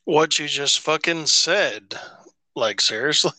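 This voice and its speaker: Casual podcast guy, bright tone, slow and meandering, dry close mic. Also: a little high, dry recording. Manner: rambling, swearing, many restarts. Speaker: podcast co-host. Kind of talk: casual chat.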